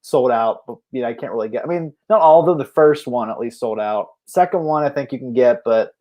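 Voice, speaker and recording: A man's voice: medium pitch, fairly quick, darkish tone. A man co-hosting a casual chat, telling stories and laughing often. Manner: chatty storyteller, laughs often. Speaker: co-host.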